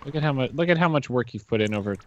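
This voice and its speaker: A man's voice: mid-range voice, animated, rapid-fire, no echo. A man chatting as a friend on a game stream, playful and teasing. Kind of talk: casual gaming chat.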